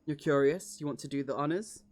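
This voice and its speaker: A man's voice: fairly high pitch, a little fast, a little mellow, soft background music, natural voice. A man voicing a determined woman warrior opening a shop, in a casual read with small stumbles.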